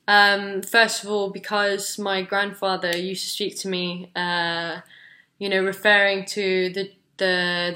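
A woman's voice: mid-range voice, sharp tone. A young woman who grew up in France gives an unscripted presentation of her research project, thinking aloud and searching for her words as she goes.

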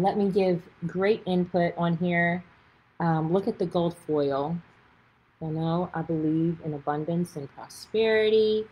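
A woman's voice: fairly low pitch, husky, low-quality recording. A woman with a Texas accent, an author chatting casually and effusively on a livestream. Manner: chatty and effusive, gushing with excitement. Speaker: author and faith speaker.

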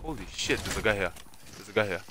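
A young man giving live commentary on a game he is playing, excitable, swearing and yelling at the action. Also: fairly low pitch, quick pace, very noisy. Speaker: streamer.

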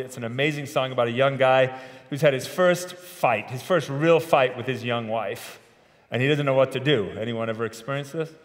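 A middle-aged man, a pastor, preaching a sermon in a conversational way with self-deprecating humor, in a large church sanctuary. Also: mid-range voice. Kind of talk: sermon with personal stories. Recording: long reverb of a church hall.

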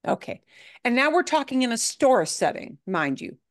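A woman teaching a beginner Spanish class, explaining grammar in a chatty, lively way. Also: on the high side, moderate pace, dry recording, studio quality. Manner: chatty, animated, acts out examples in funny voices. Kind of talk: online language class, explaining.

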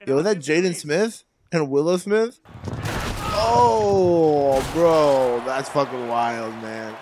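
A young man hosting a reaction video, exclaiming loudly and swearing often in casual commentary. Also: mid-range voice, a little slow, noisy background. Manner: loud, excitable, profane exclamations.

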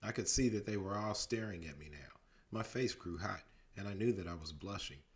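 A father reads a children's storybook aloud at bedtime in a deep, low voice. His narration is steady, and he slips into character voices along the way. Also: fairly quick. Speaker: dad reading a bedtime story.

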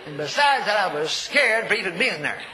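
A man's voice: high voice, very animated, a little fast, crowd noise. An older man preaching a sermon in a folksy, emphatic way, laughing as he tells his stories, in an echoey hall recording with faint noise.

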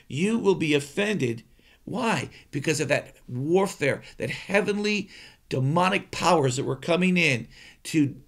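A man's voice: on the high side, vocal fry. A male preacher giving an earnest sermon, emphatic and often repeating words as he speaks.

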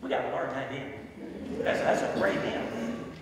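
A man's voice: unhurried, pauses often, a little hiss or hum. Echoey preacher man. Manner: storytelling preacher, swells loud and drops low. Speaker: pastor. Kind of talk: sermon. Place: large church sanctuary. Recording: echoey hall from far off, faint ambience.

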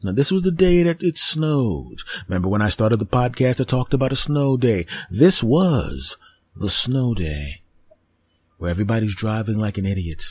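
A man with a somewhat low voice delivering a comedic monologue as a podcast host. He tells his story as an animated, ranting storyteller. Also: moderate pace, husky, no room sound.

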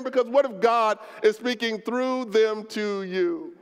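High-voiced pastor preaching in a reverberant hall. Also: male voice, smooth. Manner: impassioned preaching, swings from shouting to low and slow; colloquial, acts out prayers in first person. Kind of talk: sermon. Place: church sanctuary. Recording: long reverb of a church hall.

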